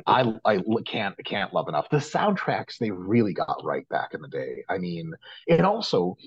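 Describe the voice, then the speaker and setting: Male podcast guest; rambling, self-mocking, swears freely; dry husky voice. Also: sits low, sing-song, moderate pace, no echo, muffled recording. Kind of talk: casual chat.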